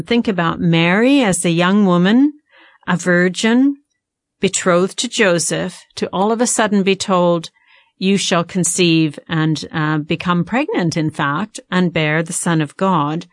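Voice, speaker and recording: A woman guest teaching on a Bible passage in a measured, explanatory way with frequent ums and uhs. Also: lowish voice, no echo, studio quality. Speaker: guest theologian.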